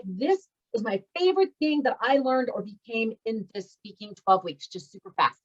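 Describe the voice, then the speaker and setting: A woman's voice: fairly high pitch, expressive, moderate pace, few pauses. Effusive woman coach on a dull call. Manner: effusive, encouraging, gushing praise. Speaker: speaking coach and course host. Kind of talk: warm graduation address on a video call.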